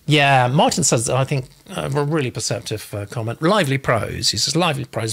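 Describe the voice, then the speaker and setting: Gravelly male host reading chat comments. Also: mid-range voice, fairly quick, hardly any pauses, a bit bright. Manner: chatty, reads comments aloud with asides. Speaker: host, literary agent. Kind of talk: live show chat, reading out viewer comments.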